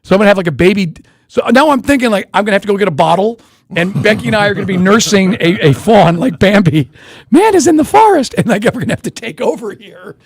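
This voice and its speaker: A man co-hosting a sports radio show, telling stories in an animated casual chat from a studio microphone. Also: high-pitched, slightly rough. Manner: animated storytelling, quick and chatty.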